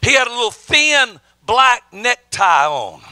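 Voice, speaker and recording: Male evangelist, middle-aged, bright high voice, emphatic sermon storyteller who stammers and restarts. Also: sing-song, unhurried, clean tone, dry recording. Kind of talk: sermon testimony.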